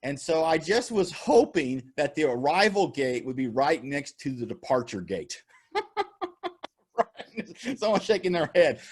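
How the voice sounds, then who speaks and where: Upbeat male keynote speaker on a video call, animated storyteller who laughs at his own jokes, bright, swinging delivery. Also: high-pitched, a little slow. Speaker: motivational speaker. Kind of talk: virtual keynote talk with storytelling.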